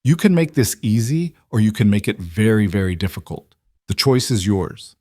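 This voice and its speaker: A man voicing a smooth, educated and coldly polite man who makes threats. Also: on the low side, sing-song, moderate pace, darkish tone, no echo, studio quality. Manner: smooth and educated, turning hard.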